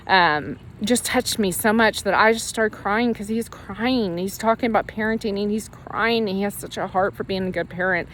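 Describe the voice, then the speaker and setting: A woman tells her faith story in an earnest, emotional way. She rambles and restarts her sentences often. Her voice sits at an ordinary middle pitch, with a faint hiss of noise in the background. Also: fairly bright tone. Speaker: Christian ministry leader sharing her testimony. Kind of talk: personal faith testimony, casual storytelling.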